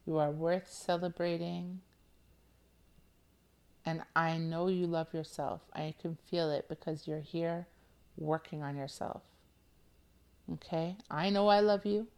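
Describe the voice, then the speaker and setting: A woman's voice: fairly low pitch, vocal fry, a little mellow. A woman hosting a motivational podcast, playful and affectionate, coaxing her listeners with repeated check-ins. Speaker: podcast host.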